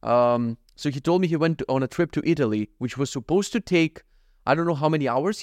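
A man's voice: medium pitch, dry recording, clean studio sound. A man from North Macedonia, telling a story in a casual, profane, ranting vlog monologue. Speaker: vlogger.

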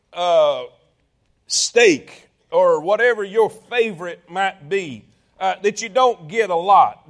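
High-voiced preacher. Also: male voice, a bit bright. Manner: reads old scripture aloud with folksy asides to the congregation. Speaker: pastor. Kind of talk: sermon. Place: church sanctuary.

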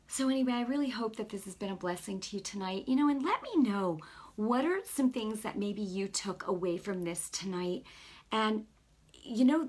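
A middle-aged woman delivers an informal sermon in an earnest, conversational way, drifting into personal stories and casual asides. Her voice has a slightly husky, breathy edge and sits at an ordinary pitch. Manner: earnest, conversational, lots of "you know" asides. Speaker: preacher.

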